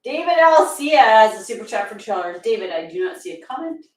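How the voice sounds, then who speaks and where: This woman speaks fast in a fairly high, sing-song voice while co-hosting a livestream, reading out super chats and ribbing her partner in casual chat. The mic is distant, picking up a roomy echo from where she sits back from it.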